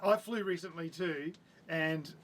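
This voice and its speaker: A man's voice: a little high, a bit bright, recorded from a distance, slight background noise. An older man with an Australian accent, chatting casually as co-host with wry, joking remarks. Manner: wry, joking, quick to laugh. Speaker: podcast co-host. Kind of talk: casual chat.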